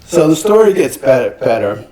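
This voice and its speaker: An older man, a singer-songwriter, tells long anecdotes at a middling pitch with lively energy. He often stumbles and restarts, slipping into other people's voices, and the room lends a roomy echo. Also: moderate pace. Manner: animated anecdotes with acted-out quotes and frequent restarts. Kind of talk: storytelling in a podcast interview.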